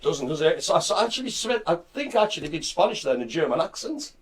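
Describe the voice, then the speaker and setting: A jokey man hosts a live community chat show, rambling playfully between greetings. His voice sits a touch high and swings widely in pitch. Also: very animated, quick pace, a crowd in the background. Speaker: host. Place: indoors, studio at a community venue.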